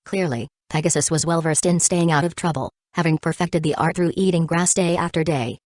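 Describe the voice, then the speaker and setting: A woman narrates a novel in a steady, even reading. Her voice is low, and the recording is close and dry with no room sound. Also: a little fast, no room sound. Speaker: audiobook narrator. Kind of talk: audiobook narration.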